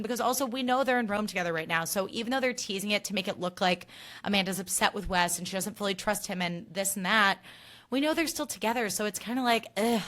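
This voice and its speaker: Woman, young adult, podcast host, bright voice, animated, swears a lot, casual chat. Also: medium pitch. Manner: animated, profane, quick emphatic rants.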